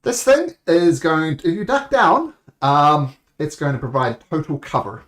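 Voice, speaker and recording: A man's voice: fairly high pitch, unhurried, fairly bright tone. A man narrating as game master, rambling along with self-corrections.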